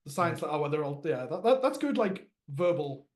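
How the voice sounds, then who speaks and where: A man with a notably high voice co-hosting a relaxed podcast. He rambles through stories in an easy, casual way and often laughs mid-sentence. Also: moderate pace. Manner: chatty storyteller, laughs while talking. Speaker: podcast co-host. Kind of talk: casual chat.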